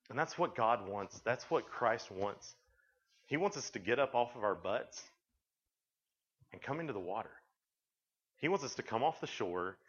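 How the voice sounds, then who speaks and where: A man with a mid-range, somewhat bright voice gives a folksy, chatty storytelling sermon to young people. He acts out lines of dialogue in quotes as he goes. The recording is dull and lo-fi.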